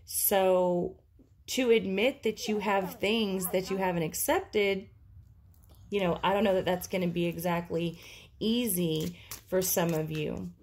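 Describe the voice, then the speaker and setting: A woman's voice: fairly low pitch, steady tone, measured pace, darkish tone, a little hiss or hum. A woman giving an intuitive tarot reading, talking casually and thinking aloud with many fillers. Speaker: tarot reader.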